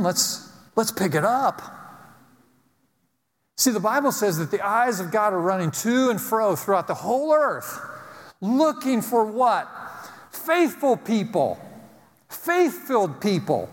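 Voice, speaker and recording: Emphatic male preacher in a reverberant hall. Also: high-pitched. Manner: emphatic preaching with repeated phrases, ending in a quieter prayer. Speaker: pastor. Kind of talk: sermon. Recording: long reverb of a large hall.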